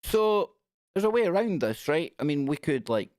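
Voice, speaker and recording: A man's voice: a little high, big pitch swings, normal speed, a little mellow, no echo, clean studio sound. A man hosting a casual live stream, chatty and jokey, giggling as he reads out news. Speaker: radio show host.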